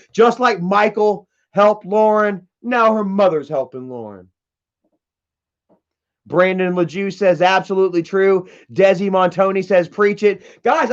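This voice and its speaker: A man hosting a livestream, ranting bluntly and with profanity while reading chat comments aloud. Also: high voice. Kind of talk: candid casual livestream rant. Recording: dull lo-fi stream audio.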